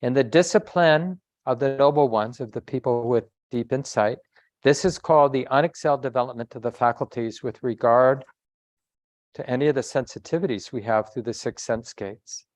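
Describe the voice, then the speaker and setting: A man's voice: medium pitch, a little mellow, no room sound. Reflective male meditation teacher, dry sound. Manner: reflective, conversational, with self-corrections and pauses. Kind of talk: dharma talk.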